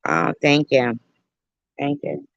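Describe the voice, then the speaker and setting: A woman livestreamer telling a story and joking with her viewers in an animated, playful way, on a dull, dry lo-fi recording. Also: low-pitched, gravelly, no room sound. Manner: animated, jokey, slow and drawn out. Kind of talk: casual storytelling and chat.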